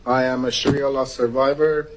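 A man's voice: medium pitch, level tone, moderate pace, poor audio. A man from Iran giving an urgent, emotional public comment, repeating himself and close to tears. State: near tears.

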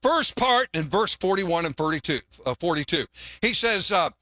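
A man's voice: high voice, sing-song, moderate pace, bright, forceful tone, no room sound, studio quality. An older man preaching a sermon in a folksy, conversational way, often restarting his words and mixing in jokes. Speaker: pastor.

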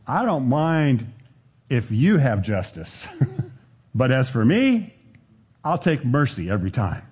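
Husky man preaching slowly. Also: mid-range voice, a little mellow. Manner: earnest, slows down to stress scripture. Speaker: pastor. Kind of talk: sermon.

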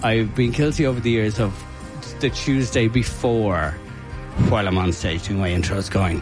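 A man with an Irish accent recounts his stories in a lively, rambling way, full of fillers and asides. His voice sits at an ordinary middle pitch. Faint music plays behind him. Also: moderate pace. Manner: animated, chatty storyteller with frequent fillers. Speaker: music night organizer. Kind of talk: casual interview storytelling.

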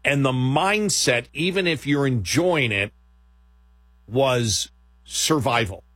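A man's voice: mid-range voice, lively intonation, slow, a bit bright, husky, no room sound. Rambling laughing male radio host. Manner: rambling, laughing, self-quoting. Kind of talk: casual radio chat.

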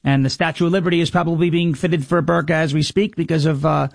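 A sarcastic male commentator holds forth in a loose, mocking monologue. His voice sits high for a man and carries a gravelly edge. The sound is dry and close, with no room around it. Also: steady tone, fast, no room sound. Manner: mocking, sarcastic, mimics opponents in whiny voices. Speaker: radio and podcast host. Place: Tennessee.

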